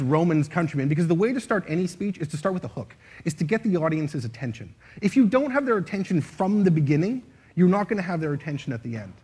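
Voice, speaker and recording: A playful man leads a live audience through a speaking exercise, his voice a little husky. His pitch swings widely as he acts out lines in different tones. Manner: playful, demonstrative, shifts voice to show expression. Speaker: speaker leading an audience activity. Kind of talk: interactive stage talk. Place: stage before a live audience.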